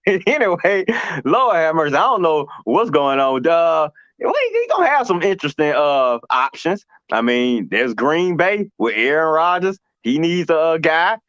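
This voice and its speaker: A man's voice: fairly high pitch, big pitch swings, moderate pace, fairly bright tone, no echo, dull audio. A man hosting a sports talk show, teasing his co-host and going off on slangy mock rants. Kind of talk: casual sports banter.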